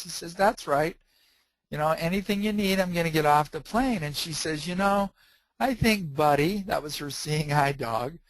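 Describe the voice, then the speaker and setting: Animated male storyteller, dry sound. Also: on the high side, no room sound, rough recording. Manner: animated storyteller, acts out quoted dialogue. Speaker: author and trainer. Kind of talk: storytelling talk.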